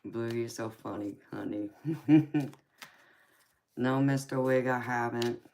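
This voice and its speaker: A tarot reader hosting a live stream talks with her viewers casually, laughing often and calling them sweetheart and honey in a Southern American accent. She's from California but was raised in Georgia. Her extremely low voice is a little mellow, with a steady tone and moderate pace.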